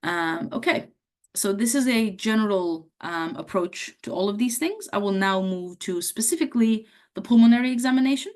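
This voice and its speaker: A woman with a hoarse voice from a cough, teaching medical students how to take a patient's history in a conversational way, acting out the questions she would ask a patient. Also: fairly high pitch, sing-song, moderate pace, a little mellow. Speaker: medical lecturer. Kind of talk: teaching a workshop on history taking.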